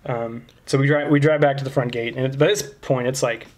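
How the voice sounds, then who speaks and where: A man's voice: medium pitch, fairly even intonation, a little fast. A man telling a long crude anecdote on a casual podcast, rambling and peppered with "like". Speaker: podcast host telling a story.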